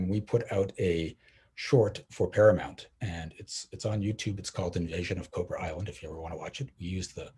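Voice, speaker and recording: A man with a very husky, breathy voice leads a motivational workshop in a casual, animated way. He acts out the people he quotes and laughs often as he speaks. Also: fairly low pitch. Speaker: coach.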